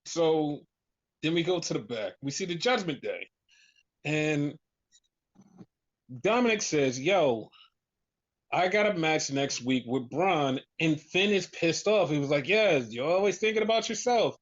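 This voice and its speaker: A man's voice: on the high side, lively intonation, takes it slowly, long pauses. A man in casual chat, rambling with lots of "like", swearing, and acting out what others would say. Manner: rambling, profane, heavy on "like", acts out quotes. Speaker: podcast co-host. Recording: dull lo-fi recording.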